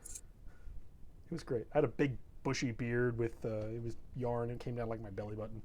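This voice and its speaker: A man's voice: mid-range voice, fairly even intonation, normal speed, darkish tone. A young man in a casual, rambling stream chat, self-deprecating and laid-back, plugging the show between stories. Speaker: show regular.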